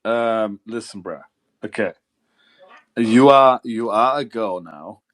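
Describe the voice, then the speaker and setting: A man's voice: fairly low pitch, slow. A man hosting a call-in livestream, joking and swearing as he rambles. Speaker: livestream host. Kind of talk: casual call-in stream chat.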